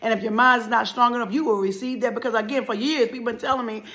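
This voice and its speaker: A middle-aged woman giving an impassioned motivational speech, preacherly and repetitive, swinging between loud and soft. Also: on the high side, steady tone, fast. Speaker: motivational life speaker.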